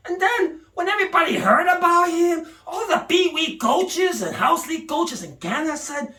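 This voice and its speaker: A woman's voice: very high voice, lively intonation, normal speed, pushed and bright. A woman delivering a mock-indignant comic rant in an exaggerated, theatrical way. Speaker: comedic commentator. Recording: echoey room, mic at a distance.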